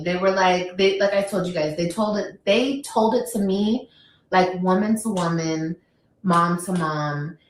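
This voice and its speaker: A woman's voice: mid-range voice, slight background noise. A woman, talking bluntly and emphatically on a casual livestream. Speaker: livestreamer, mother. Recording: echoey room.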